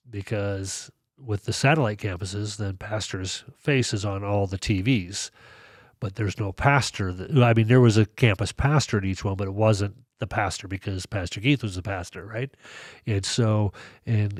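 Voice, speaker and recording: A podcast guest with a fairly low-pitched male voice tells a personal story in casual conversation at a normal speed. He's an animated storyteller who acts out what people said to him, recorded at studio quality with no echo.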